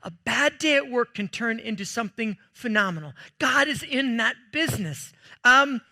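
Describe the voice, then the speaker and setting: A man preaching a sermon as pastor, telling stories in a jokey, animated way with sudden loud bursts. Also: extremely high pitch, moderate pace.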